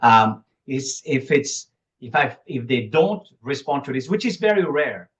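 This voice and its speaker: A man's voice: mid-range voice, big pitch swings, measured pace. A man with a French accent, speaking French as his first language, talks as a guest in an interview. He uses broken English grammar, chuckles often and restarts his sentences. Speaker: guest, public speaking coach. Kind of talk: casual interview talk. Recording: dull lo-fi recording.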